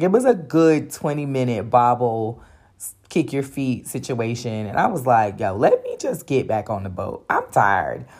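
A woman telling a personal story in a casual, animated way. She uses slang and fillers and often acts out her own panicked replies. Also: extremely low pitch.

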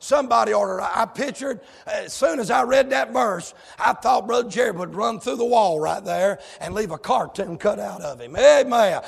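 A man preaching a fiery sermon, shouting and calling out to the congregation. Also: sits high, expressive, normal speed, gravelly, hardly any pauses, slightly rough, in a large hall.

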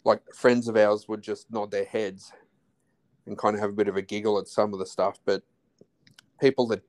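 Low-voiced Australian man, halting chat. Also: level tone, darkish tone. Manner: halting, many restarts and trailing phrases. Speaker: podcast guest, husband of host. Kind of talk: casual chat.

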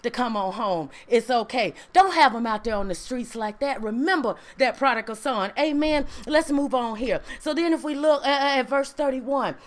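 Woman preacher, high voice, emphatic sermon delivery with "right?" and "amen" asides. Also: normal speed, hardly any pauses.

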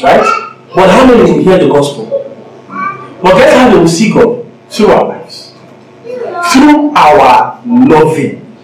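A man preaching a sermon as pastor, emphatic and acting out quoted voices. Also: high voice. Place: church sanctuary. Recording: echoey church from a distant mic.

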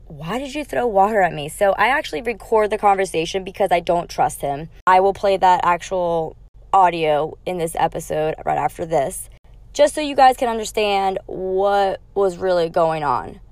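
A young woman hosting a podcast, telling a bar story in a lively, profane, laughing way. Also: on the low side, normal speed. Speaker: podcast host. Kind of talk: casual storytelling chat.

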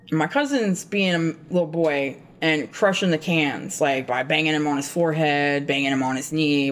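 A woman co-hosting a podcast, telling a rambling, profane story in casual chat. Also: deep voice. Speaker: podcast co-host.

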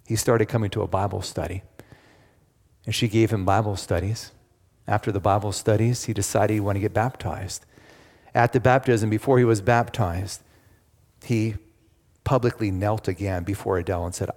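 A man preaching a sermon, telling a story dramatically and dropping to a hushed, pleading tone. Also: fairly low pitch, fairly even intonation, normal speed, creaky. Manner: dramatic, swings from loud acted quotes to hushed pleading. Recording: long hall reverb.

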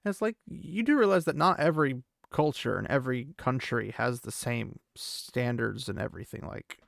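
A man's voice: mid-range voice, moderate pace, creaky, dry recording, studio quality. A man hosting a podcast and recapping a book chapter in a chatty, casual way full of fillers and asides. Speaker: podcast host.

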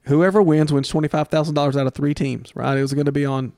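A middle-aged man with a slightly high, gravelly voice tells stories as a podcast guest. He is animated and acts out the people he quotes with sudden jumps in pitch. His voice is recorded dry and close, with no room sound. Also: fast, no room sound. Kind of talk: casual storytelling interview.

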